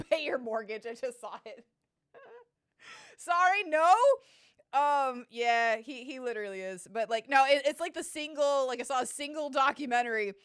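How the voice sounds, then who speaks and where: Excitable, swearing young woman streamer. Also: high voice, unhurried, smooth, no echo, studio quality. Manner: excitable, sarcastic, swears a lot. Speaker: streamer playing a game. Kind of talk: casual gaming commentary. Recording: game music underneath. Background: game music.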